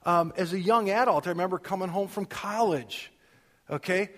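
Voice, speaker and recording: Middle-aged male pastor, slightly high pitch, conversational sermon delivery that rises for scripture, recorded in a reverberant sanctuary. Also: normal speed, a bit bright. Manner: conversational, rising to emphatic scripture reading. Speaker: preacher. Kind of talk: casual sermon. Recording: long reverb of a hall.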